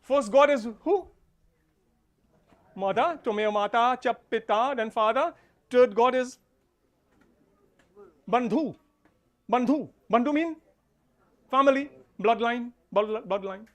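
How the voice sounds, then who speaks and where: A man, an officiating pundit preaching a funeral sermon, repeating key lines and swinging between soft and loud. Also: very high-pitched, slow pace, long pauses.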